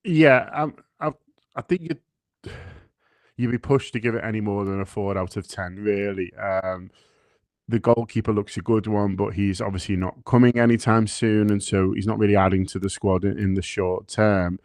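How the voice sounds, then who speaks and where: A man guest on a football podcast, weighing his words and often restarting his sentences. His voice is fairly low, and the recording is dry and close. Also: moderate pace, a little mellow, no echo. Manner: thoughtful, hesitant, many restarts. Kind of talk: casual interview answer.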